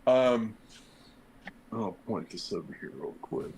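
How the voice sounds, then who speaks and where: A man's voice: on the low side, lively intonation, slow pace, darkish tone, a little hiss or hum, rough recording. A middle-aged man, a former firefighter and podcast guest, telling a long story in a casual, rambling way, acting out the dialogue with plenty of fillers. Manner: rambling, acts out quoted dialogue, many fillers.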